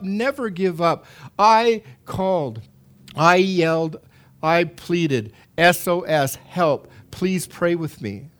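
Middle-aged guy pastor giving a sermon, kinda high voice, gets loud and keeps repeating himself. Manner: animated, with emphatic repetitions and restarts.

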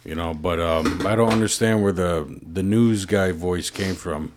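A man with a Mohawk English accent co-hosting a podcast, telling stories in a wry, animated way. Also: deep voice, unhurried. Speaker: podcast co-host. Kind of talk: casual chat.

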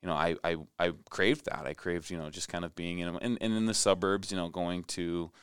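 A young man from Minnesota, a former athlete, talking as a guest in a relaxed interview with many restarts. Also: low voice, brisk, clean tone, no echo, clean studio sound. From Minnesota, USA. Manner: animated storyteller, many restarts and fillers. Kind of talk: conversational interview.

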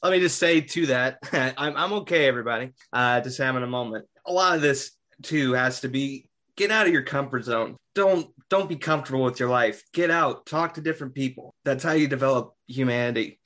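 Podcast co-host, male, mid-pitched, reflective storyteller with fillers. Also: a little fast, few pauses, fairly bright tone. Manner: reflective, tells stories with fillers. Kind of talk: casual podcast chat.

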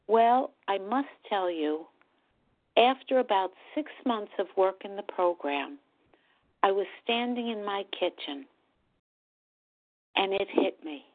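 A middle-aged woman sharing her personal recovery story at a meeting, talking in a halting, earnest way. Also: mid-range voice, expressive. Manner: slow, halting, earnest, with pauses and restarts. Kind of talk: personal testimony at a support meeting. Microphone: phone call. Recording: tinny phone line.

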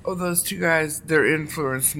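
A man's voice: on the high side, measured pace, bright, forceful tone, slight background noise. A man co-hosting a podcast in casual chat, joking and asking short follow-up questions. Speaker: podcast co-host.

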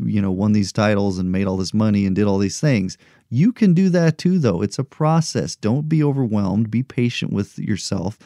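Earnest low-voiced man, mellow and dry. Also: no echo. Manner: earnest, encouraging, repeats rhetorical questions. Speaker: podcast host. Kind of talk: motivational podcast monologue.

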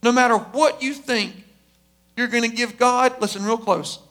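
A male preacher telling a story in a sermon, moving between quick asides and slow, emphatic phrases. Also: very high-pitched, fairly even intonation, a bit bright.

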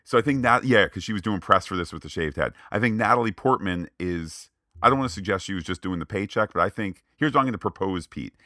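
A man's voice: low voice, quick pace, no room sound, studio quality. A man co-hosting a movie podcast, chatting casually and acting out quoted lines. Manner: animated, acts out quoted lines. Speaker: podcast co-host. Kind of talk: casual movie review chat.

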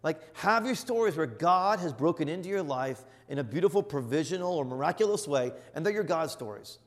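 A middle-aged man, a bishop, teaching in an earnest, emphatic sermon style that surges to loud exclamations. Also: fairly high pitch, animated, brisk. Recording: long reverb of a large hall.

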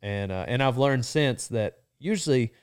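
A man in casual conversation, relaxed and reflective, recalling a nervous phone call with a boss and using lots of "you know.". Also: medium pitch, normal speed, clean tone. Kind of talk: casual chat.

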